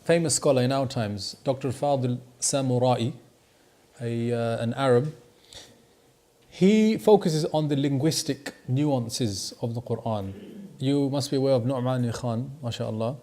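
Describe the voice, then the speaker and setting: A man teaching a class, stressing key words and slowing down to drive points home. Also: mid-range voice, dark tone. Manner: emphatic, stretches key words to stress them. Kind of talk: classroom lesson.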